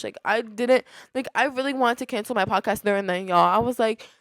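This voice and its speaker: A woman's voice: fairly high pitch, brisk, few pauses, no echo. A young woman in her late teens hosting a casual solo podcast, rambling through a story with many restarts and "like" fillers. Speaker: podcast host.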